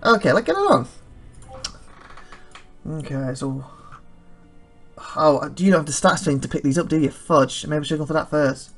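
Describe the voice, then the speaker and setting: A man commenting on his own strategy game, thinking aloud and rambling fast with a dry throat he keeps clearing. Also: fairly high pitch, fairly even intonation, faint music behind. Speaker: let's play host. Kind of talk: gameplay commentary.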